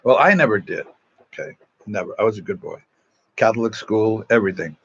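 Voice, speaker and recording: A man's voice: lowish voice, animated, brisk, slight background noise. Man, casual storyteller, self-mocking, talking into a propped phone, dull lo-fi sound. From East Los Angeles. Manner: chatty, self-mocking, reads out viewer comments. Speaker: Salesian religious brother on a livestream. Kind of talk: casual storytelling to online viewers. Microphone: phone propped at an angle.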